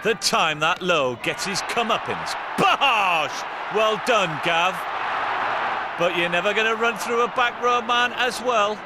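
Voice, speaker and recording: A man presenting rugby clips in lively, boisterous commentary, breaking into shouts. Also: high voice, unhurried, a loud crowd, very noisy.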